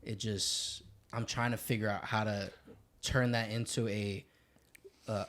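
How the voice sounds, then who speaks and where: A man pitching jokes in a casual comedy writing session, soft-spoken and hesitant, often repeating his words. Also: little pitch movement, unhurried. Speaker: comedian guest.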